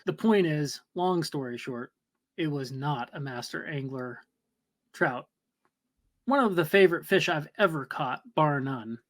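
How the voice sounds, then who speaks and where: A man's voice: on the high side, measured pace, a bit bright. Man musing aloud in casual talk. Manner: reflective, thinking aloud. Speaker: podcast co-host. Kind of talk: casual conversation.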